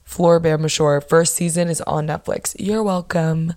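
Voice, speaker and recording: A young woman hosting her own podcast, chatting casually and bluntly with lots of swearing and animated bursts of emphasis. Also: low-pitched, normal speed. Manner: blunt, profane, gossipy. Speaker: podcast host. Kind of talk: casual solo podcast chat.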